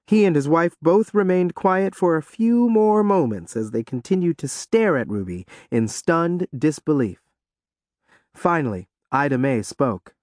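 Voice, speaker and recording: Expressive male audiobook narrator. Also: on the high side, measured pace, no echo, studio quality.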